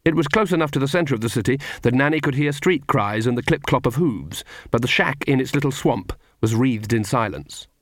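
A man narrating an audiobook in a measured, wry storytelling manner. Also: mid-range voice, lively intonation, no echo, studio quality.

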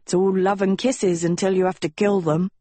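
A woman's voice: medium pitch, little pitch movement, normal speed, mellow, no echo, close to an everyday voice. A woman voicing a stern, slangy schoolboy who teases his friend bluntly. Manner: blunt, mocking. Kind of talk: audiobook character voice.

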